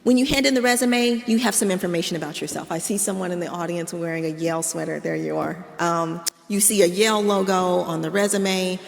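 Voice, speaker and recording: A woman professor lectures to an audience in a large hall, and her voice has a gravelly fry. She tells a scene in the second person, with long reverb trailing her words. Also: fairly low pitch, steady tone, a little fast, hardly any pauses, slight background noise. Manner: vivid second-person storytelling. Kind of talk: public lecture.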